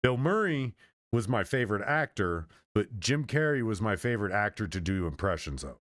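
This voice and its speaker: A man's voice: fairly low pitch, very animated, normal speed, a bit bright, no echo, studio quality. A man streamer in his thirties talking in a meandering, casual monologue, often restarting and trailing off mid-sentence.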